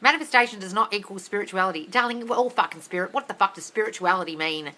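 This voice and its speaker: A woman coaching viewers on a livestream, reading their questions and answering in a blunt, sweary, ranting way that often turns to yelling. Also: medium pitch, fast talker, rough recording. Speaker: manifesting coach answering live chat questions. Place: home desk area. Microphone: livestream on phone or computer.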